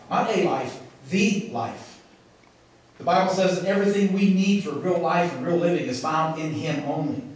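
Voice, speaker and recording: A man preaches with emphasis and dramatic pauses, his voice sitting a little high. He is picked up from a distance in a church, and the sound rings with heavy echo. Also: a little mellow. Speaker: pastor. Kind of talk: sermon. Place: church sanctuary. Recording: echoey, from far off in a large room.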